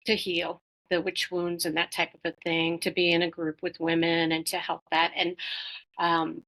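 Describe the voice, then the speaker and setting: A woman's voice: on the low side, a bit bright, rough recording. A middle-aged woman talking as an interview guest, reflecting casually with many fillers and restarts.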